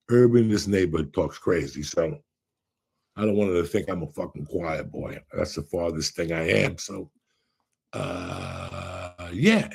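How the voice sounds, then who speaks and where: A man in his sixties with a deep, heavily gravelly voice, raspy and rough at the edges. He tells rambling, profane stories in casual podcast chat and breaks off into bursts of laughter. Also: darkish tone. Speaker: podcast co-host.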